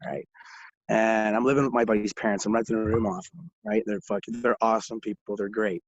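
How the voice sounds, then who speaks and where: A young man tells a rowdy, profane story as a podcast guest, laughing as he goes. His voice is husky and sits in a middle pitch. The sound is dry and somewhat muffled, like a lo-fi recording. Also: animated, a little fast, no echo. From Ontario, Canada. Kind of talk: casual storytelling.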